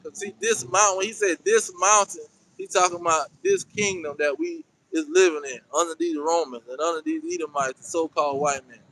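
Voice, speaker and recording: A man with a notably high voice delivers a fiery scripture teaching. He drags out the verses he reads, then hammers his points with short, repeated commands, and a faint noise sits underneath. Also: fairly bright tone, rough recording. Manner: emphatic, repetitive commands, slows down for verses. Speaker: preacher.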